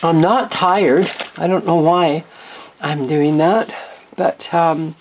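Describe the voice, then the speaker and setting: Craft-channel host, woman, deep-ish voice, unhurried, chatty and rambling with candid asides, faint hiss behind her. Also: darkish tone. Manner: chatty, meandering, frank asides. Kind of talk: casual craft show-and-tell.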